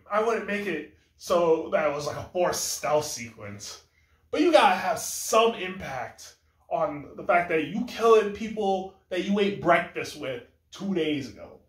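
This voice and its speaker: Animated high-voiced man in an echoey room. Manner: animated, rambling, self-correcting, acts out lines of dialogue. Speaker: gaming commentator. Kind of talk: casual video game critique.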